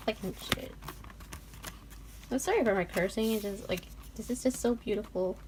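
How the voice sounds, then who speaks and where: A young woman vlogger chatting casually through an unboxing, gushing and giggling, often dropping to a soft whisper. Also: medium pitch, normal speed, long pauses, background noise.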